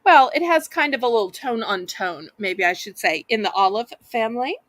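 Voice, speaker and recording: A woman's voice: fairly high pitch, expressive, moderate pace, fairly bright tone, no echo. A woman with a Southern US accent hosting a live online auction, chatting in a folksy way and talking straight to her viewers. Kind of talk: live-stream auction selling.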